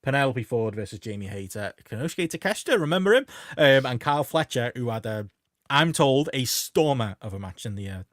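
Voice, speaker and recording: A man's voice: medium pitch, animated, brisk, fairly bright tone, no echo, clean studio sound. A man co-hosting a casual wrestling podcast, rambling through the news with lots of fillers and restarts. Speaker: podcast co-host.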